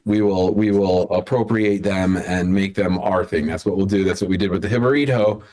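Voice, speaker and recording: A man's voice: low voice, steady tone, moderate pace, a little mellow. Man hosting a live online comedy show, loose and rambling, chuckles at his own bits. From Chicago area. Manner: rambling, self-interrupting, laughs at own jokes. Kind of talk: casual hosting banter on a video call.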